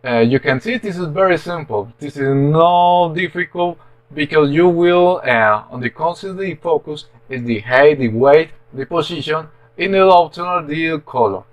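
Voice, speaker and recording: A man talking through a programming tutorial in a halting, hesitant way, with many pauses and restarts. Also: a little high. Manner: halting, hesitant delivery full of fillers and restarts. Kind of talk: screen-recorded coding walkthrough.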